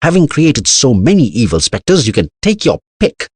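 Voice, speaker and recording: A man's voice: mid-range voice, huge pitch swings, moderate pace, a little mellow, husky, no echo, voice pushed up. A man voicing an anxious older male scientist who explains at length in an earnest way. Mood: bitter.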